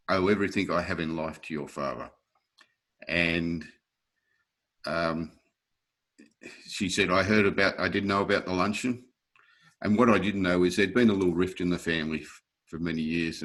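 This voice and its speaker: A man, a guest telling stories in an interview, acting out other people's voices and laughing often. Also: low-pitched. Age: 60s. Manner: lively anecdotes, acting out quoted voices, frequent chuckles. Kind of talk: storytelling in a casual interview.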